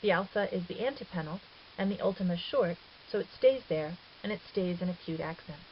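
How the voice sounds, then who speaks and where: Lower-voiced woman teaching a lesson. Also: a little fast. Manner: patient, methodical, with occasional fillers and self-corrections. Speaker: Greek teacher. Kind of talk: explanatory lesson voice-over. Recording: dull lo-fi recording with faint hiss.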